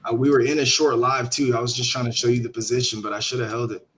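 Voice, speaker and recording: A man hosting a live trading stream over online voice chat, with a middle-pitched voice. He is laid-back and slangy and thinks out loud as he walks through the charts. There is a faint noise under his voice. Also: flat delivery, fast talker. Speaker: livestream host and trader. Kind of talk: casual live trading commentary.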